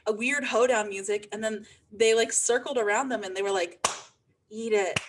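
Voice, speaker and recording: A woman's voice: fairly high pitch, fairly even intonation, a little fast, background noise. A young woman co-hosting a podcast, chatting emphatically with many fillers. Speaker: podcast co-host. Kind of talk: casual chat.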